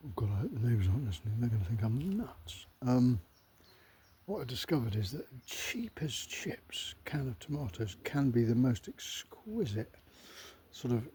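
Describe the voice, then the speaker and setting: Mellow man rambling wryly. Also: mid-range voice, a little hiss or hum. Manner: digressive, self-correcting, wry. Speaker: cookery vlogger. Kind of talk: rambling casual monologue.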